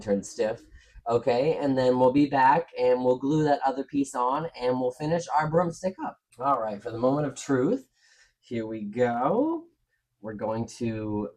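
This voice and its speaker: A man's voice: mid-range voice, a little mellow. A man hosting a crafting video, talking viewers through each step in a chatty, frank way. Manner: chatty, frank, talks to viewers while working. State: out of breath. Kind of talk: casual step-by-step craft demo.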